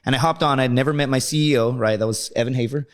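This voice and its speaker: A man's voice: mid-range voice, fast. A man guesting on a podcast, telling rambling, profane stories and tagging his lines with "right?". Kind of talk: casual storytelling.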